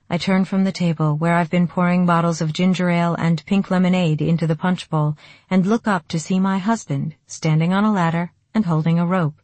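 Female audiobook narrator, calm and even, low-pitched, dry. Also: moderate pace, no echo. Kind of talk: first-person audiobook narration.

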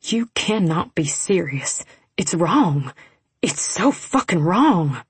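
A woman voicing a torn, anguished young man in a romance audiobook, speaking low, hushed and strained. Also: sing-song, slow pace, breathy edge, no room sound, full character voice.

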